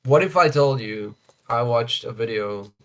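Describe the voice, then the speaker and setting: A South African man co-hosting a casual podcast, talking in an animated, opinionated way and leaning on "like" and "look" as he makes his points. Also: mid-range voice, measured pace, low-quality recording. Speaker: podcast co-host.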